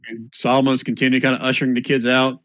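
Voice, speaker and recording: A man narrating as game master for an online tabletop game, in a relaxed, low-key way with fillers. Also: fast, no echo.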